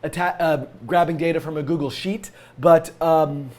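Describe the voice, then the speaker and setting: A man with a slightly high, scratchy voice from a cold talks through a coding tutorial. He thinks aloud as he works, with many fillers and restarts. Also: steady tone, normal speed, a little mellow.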